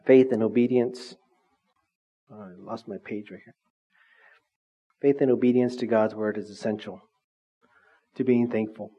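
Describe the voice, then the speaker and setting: A man's voice: on the low side, steady tone, unhurried, pauses often, dark tone, breathy edge. Middle-aged man preaching conversationally. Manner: conversational, asks the congregation questions. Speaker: pastor. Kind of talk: sermon. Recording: slightly dull, lo-fi recording.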